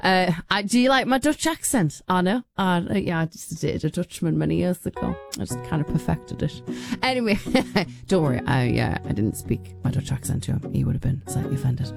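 A woman's voice: fairly low pitch, animated, brisk, creaky, faint music behind. A woman presenting a radio show, chatting in a casual, friendly way between songs with fillers and asides. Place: radio studio. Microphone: studio microphone.

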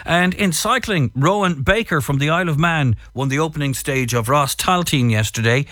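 Chatty Irish radio presenter, dry studio sound. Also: male voice, a little high, a bit bright, no room sound. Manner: chatty, upbeat, brisk. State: out of breath. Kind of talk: breakfast radio chat and sports headlines.

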